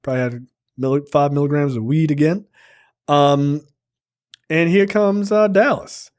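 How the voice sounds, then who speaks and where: A man's voice: fairly high pitch, measured pace, a little mellow. A man casually retelling a film's plot on a review podcast, rambling and acting out the characters' lines. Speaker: film review podcast host. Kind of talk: casual movie recap with profanity.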